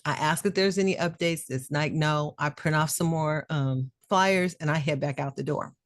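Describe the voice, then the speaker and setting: A middle-aged woman, a podcast co-host, telling a personal story in a casual, animated and emotional way. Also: deep voice, normal speed, no echo, clean studio sound. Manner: animated, emotional storyteller who acts out quoted voices.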